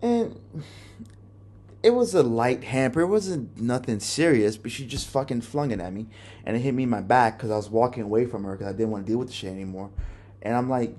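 Young guy podcasting solo, swears a lot, rambles and restarts, mid-pitched voice. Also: expressive, fairly quick, a little mellow. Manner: candid, profane, rambling with restarts. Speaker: podcast host. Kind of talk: personal storytelling monologue.

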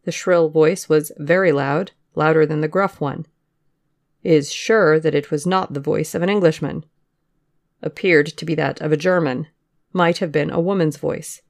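A podcast reader giving a measured audiobook narration of witness testimony. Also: medium pitch, gravelly. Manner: measured, even-paced reading of witness testimony.

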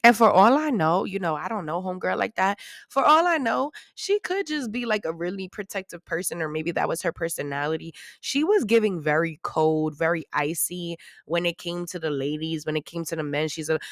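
A young woman with a New York accent, hosting a casual podcast and telling stories in a sassy, animated way with plenty of swearing. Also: lowish voice, fairly quick, dry recording, studio quality. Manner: animated, sassy, swears freely, jumps into loud mocking voices. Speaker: podcast host. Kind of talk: casual storytelling chat.

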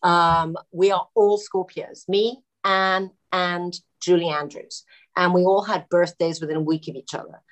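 A woman telling film-set anecdotes in a relaxed interview, often laughing as she talks. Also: fairly low pitch, unhurried. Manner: animated, laughing storyteller. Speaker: actress guest.

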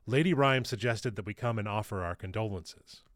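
A man's voice: on the low side, moderate pace, no room sound, clean studio sound, close to an everyday voice. A man voicing a polite, formal young noblewoman.

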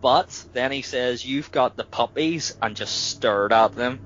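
A man's voice: mid-range voice, measured pace, muffled recording, a little hiss or hum. A man co-hosting a casual wrestling podcast, telling stories with lots of laughter. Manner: laughing, animated storytelling. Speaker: podcast co-host.

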